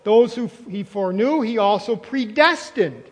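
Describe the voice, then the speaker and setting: High-voiced male pastor preaching in a hall. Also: lively intonation, normal speed. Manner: emphatic, repeats phrases, quizzes the congregation. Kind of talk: sermon. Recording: long reverb of a large hall.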